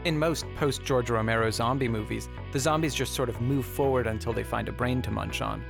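Wry film reviewer with a gravelly voice. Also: male voice, mid-range voice, brisk, over music. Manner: wry, sarcastic. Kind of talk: comedic video review narration.

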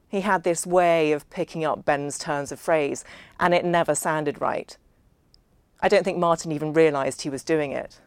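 Low-voiced woman reading a novel. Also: normal speed, clean tone, dry recording. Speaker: audiobook narrator. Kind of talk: first-person novel narration.

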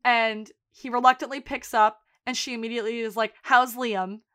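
A woman's voice: fairly high pitch, brisk, smooth. A woman co-hosting a podcast, chatting casually and retelling scenes with quoted lines. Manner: animated retelling with quoted voices. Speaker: podcast co-host. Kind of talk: casual chat recapping a TV episode.

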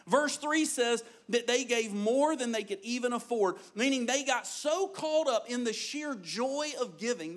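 A pastor preaches with a very high-pitched voice. He tells stories with energy and acts out the voices of the people in them, as a man speaking from a church. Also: a bit bright. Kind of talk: sermon.

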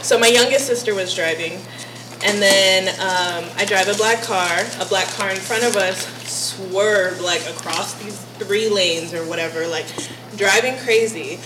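A woman's voice: medium pitch, unhurried. A young woman from Texas telling a story in a casual chat, laughing often and swearing freely. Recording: echoey room with background noise.

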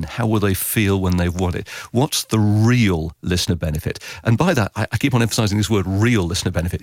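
A man explains his craft in a podcast interview, animated and quick to act out what listeners would think. His voice sits low, recorded close and dry. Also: vocal fry, dry recording. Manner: animated, acts out listener reactions in quotes. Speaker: radio consultant and author guest.

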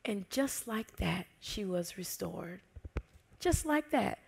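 Pastor woman preaching with gravelly edge. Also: mid-range voice, takes it slowly. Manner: expressive storytelling, acting out quotes, dropping to whispers. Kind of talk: sermon.

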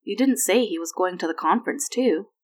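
A woman's voice: on the low side, expressive, brisk. A woman voicing a young boy, an eager and then worried son, in a raised, boyish voice.

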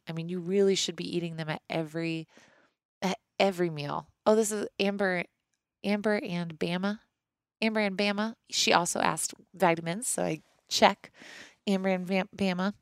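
A woman's voice: on the low side, dry recording, studio quality. A woman in her thirties hosting a podcast, chatting candidly and rambling through listener questions with many restarts. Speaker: podcast host. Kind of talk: casual chat answering listener questions.

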